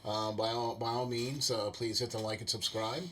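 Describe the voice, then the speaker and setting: A man's voice: fairly low pitch, little pitch movement, moderate pace, a bit bright, slight background noise. A man hosting a sports podcast, chatting casually and rambling with many fillers. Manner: rambling, filler-heavy, friendly. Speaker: podcast host.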